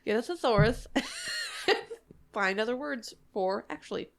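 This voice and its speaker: A young adult woman co-hosting a podcast in casual chat, animated and swearing casually, often laughing. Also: fairly high pitch, takes it slowly, gravelly, background noise. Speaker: podcast co-host.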